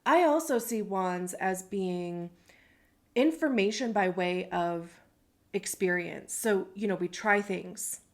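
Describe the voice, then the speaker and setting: A woman giving a casual tarot reading to camera, talking in a reflective way, often pausing to search for words. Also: mid-range voice. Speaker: tarot reader.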